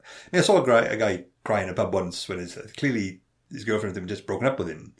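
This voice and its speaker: A man co-hosting a podcast, telling stories quickly and acting out quotes, often laughing. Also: fairly low pitch. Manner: fast, animated storytelling with acted-out quotes and frequent laughs. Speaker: podcast co-host. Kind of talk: casual chat.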